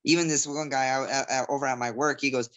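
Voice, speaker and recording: Fast-talking with a mid-range, slightly bright voice and fairly even intonation, an MMA fighter guest rambles through his stories. He's from Southgate, California, chatting casually in an interview and imitating voices as he goes.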